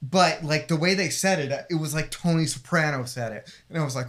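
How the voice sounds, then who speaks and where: A man on a film podcast spinning a loose, rambling story, dropping swear words as he goes. His voice sits a bit high for a man. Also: animated, normal speed, a bit bright. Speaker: podcast co-host. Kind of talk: casual film-review banter.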